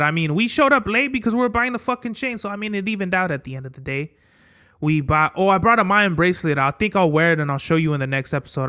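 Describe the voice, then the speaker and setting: A young man with a slightly high voice tells a travel story on his podcast in loose, casual speech. He talks bluntly, swears constantly and stays animated throughout. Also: smooth. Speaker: podcast host.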